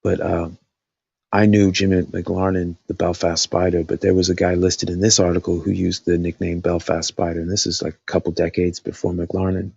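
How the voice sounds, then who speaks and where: A man's voice: deep voice, level tone, normal speed, vocal fry, darkish tone, slightly rough, no echo, highs cut off. A man hosting a casual live stream, thinking aloud with lots of fillers, his voice dry after talking all night.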